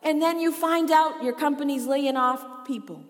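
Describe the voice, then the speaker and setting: A woman's voice: sits high, normal speed, in a large hall. A woman preaching a sermon, chatty and laughing often, asking the congregation questions as she reads from the Bible.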